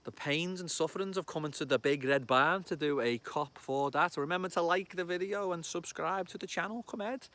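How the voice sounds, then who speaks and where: An excitable Scouse football fan vlogs his casual match reaction outdoors among trees, speaking in a high voice with a Liverpool accent. He's chatty and swears, talking a little fast with few pauses and loud bursts.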